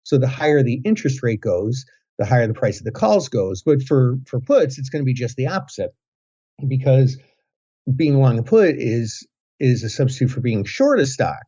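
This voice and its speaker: A man co-hosting a podcast who explains ideas step by step in a measured way, with some fillers. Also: medium pitch, very animated, dark tone, breathy edge, lo-fi sound. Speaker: podcast co-host. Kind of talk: casual explanatory chat.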